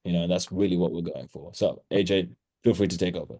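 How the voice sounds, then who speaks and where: A man's voice: deep voice, fast talker, mellow. A man running an online sales training call, blunt, with crude teasing humor.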